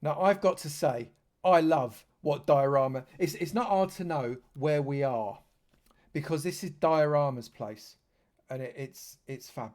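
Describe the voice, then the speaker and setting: A man streaming a live walkthrough of a game world, talking in a slightly high voice. He chats freely and gushes over everything he points out. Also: a little slow, darkish tone. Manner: effusive, chatty, lavish with praise. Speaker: streamer touring a game server. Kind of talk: live gameplay tour commentary.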